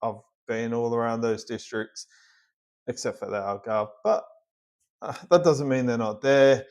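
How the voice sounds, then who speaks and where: An Australian man talks through a video in a relaxed, conversational way. His pitch is average for a man, and his manner is plainspoken and practical. He hands out straightforward advice rather than drama. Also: measured pace. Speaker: reaction video host. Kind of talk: casual reaction commentary.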